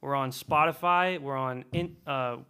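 A man's voice: mid-range voice, measured pace, sharp tone, smooth. A young man co-hosting a casual podcast, joking and steering the segments. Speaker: podcast host.

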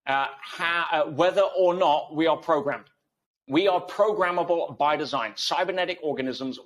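A man's voice: a little high, a bit bright. A man speaking as an interview guest, making emphatic points with analogies and rhetorical questions. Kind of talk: conversational interview.

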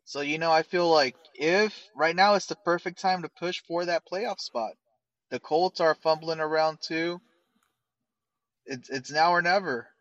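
High-voiced joking male co-host, lo-fi sound. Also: unhurried, fairly bright tone, no room sound. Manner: joking, loose, swears. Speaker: podcast co-host. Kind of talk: casual chat.

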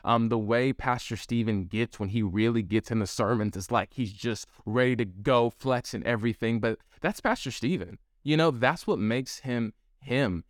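A man teaching young preachers in a lively, conversational way, pushing his pitch up to stress key points. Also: normal speed, few pauses, dry recording, clean studio sound. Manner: energetic, conversational, shifts pitch up for emphasis. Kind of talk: teaching talk to camera.

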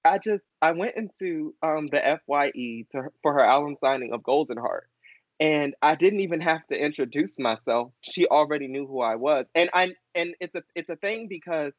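Young male co-host, expressive and gushing, pitched a bit high, muffled dry recording. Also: normal speed, no room sound. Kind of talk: casual chat. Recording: dull dry lo-fi sound.

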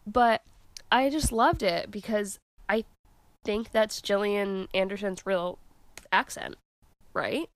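This podcast co-host is a woman with a medium-pitched voice who speaks slowly and pauses often, with no echo. She recaps a TV episode casually, her chatty retelling full of fillers like "like" and "um."

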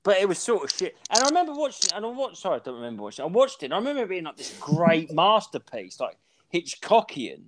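A man in his forties, a podcast co-host, rambling and swearing as he tells animated stories in casual chat. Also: high voice, fast, a little hiss or hum. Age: 40s.

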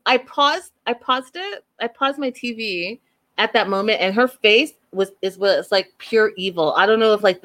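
Woman, reality show recap vlogger, blunt, emphatic, casual, mid-pitched voice. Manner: emphatic, blunt, talks straight to "you guys". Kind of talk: casual opinionated commentary to viewers.

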